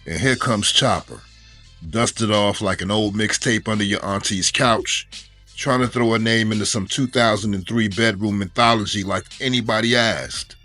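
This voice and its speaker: Low-voiced man roasting with sarcasm. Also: moderate pace, sharp tone, soft background music. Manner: mocking, punchline-heavy roast delivery. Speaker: commentator. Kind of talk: sarcastic commentary.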